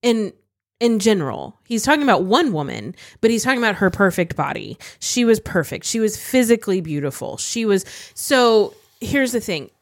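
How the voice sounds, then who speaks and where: Woman, co-host, frank, emphatic, lively pitch, dry close sound. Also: moderate pace, no echo. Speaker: podcast co-host. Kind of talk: casual chat.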